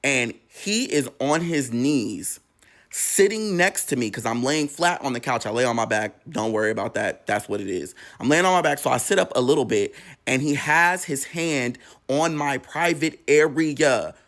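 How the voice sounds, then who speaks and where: In a casual storytime video, a man speaks at a middle pitch and is candid and profane. He acts out what each person said as he recounts it. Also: animated, moderate pace, fairly bright tone. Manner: candid and profane, retelling with quoted dialogue. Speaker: storytime vlogger.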